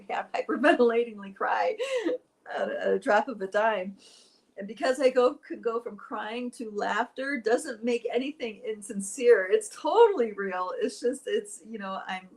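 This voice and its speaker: A woman's voice: mid-range voice, low-quality recording. Emotional woman teacher telling a story. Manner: emotional, teary at moments, rambling. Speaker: spiritual teacher. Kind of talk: personal storytelling.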